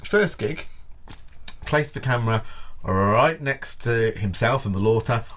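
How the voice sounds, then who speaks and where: A man's voice: medium pitch, lively intonation, unhurried, fairly bright tone. A man co-hosting a casual chat, teasing and laughing as he talks. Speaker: band member co-host.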